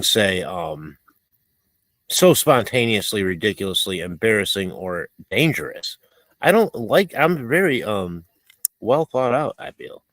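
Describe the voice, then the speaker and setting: With a voice on the low side and no echo, a man runs a livestream where he reads viewer comments and chats casually. His talk is rambling and self-mocking, peppered with laughs and fillers.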